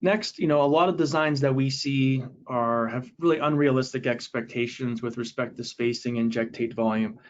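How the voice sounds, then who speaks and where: A man's voice: medium pitch, steady tone, moderate pace, hardly any pauses. Man presenting a technical webinar, lo-fi. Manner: casual, explanatory, many fillers and restarts. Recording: dull, lo-fi audio.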